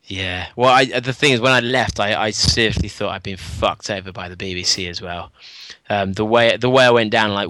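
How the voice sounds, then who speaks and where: A man telling a story in casual podcast chat, animated and acting out the people he quotes. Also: fairly low pitch, quick pace, a little hiss or hum. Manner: animated, acts out quoted dialogue in raised voice. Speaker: podcast co-host and former reality show contestant.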